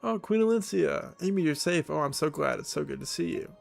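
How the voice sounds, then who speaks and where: Man voicing a gentle young queen, game dialogue, kind, vocal fry. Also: on the high side, lively intonation, brisk, soft background music. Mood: relieved.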